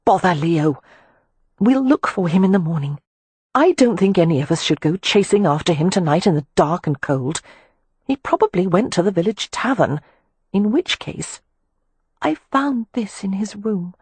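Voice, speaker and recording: Practical eldest sister, brisk and firm, voiced by a woman narrator; husky and dry. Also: lowish voice, lively intonation, darkish tone, no echo, pitched above the performer's own voice.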